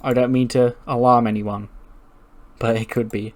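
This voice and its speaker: A chatty man narrates his progress through a simulation game in a casual let's-play style. He talks excitably, reacting to results and swearing offhandedly. His voice sits at an average male pitch. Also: moderate pace. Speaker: game commentator.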